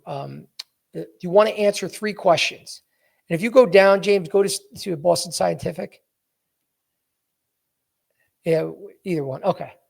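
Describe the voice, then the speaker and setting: A man's voice: high voice, vocal fry, darkish tone. A man hosting a podcast, coaching listeners bluntly through a resume, repeating his key points. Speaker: podcast host and sales coach. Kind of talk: coaching talk, walking through a resume on screen.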